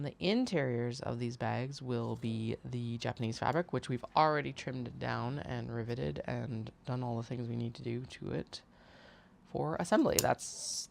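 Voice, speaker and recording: A woman's voice: rumbling low, gravelly, a little hiss or hum. A woman hosting a casual sewing livestream from a home workroom, thinking aloud and poking fun at herself. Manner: chatty, thinks aloud, self-mocking. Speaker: host, bag maker.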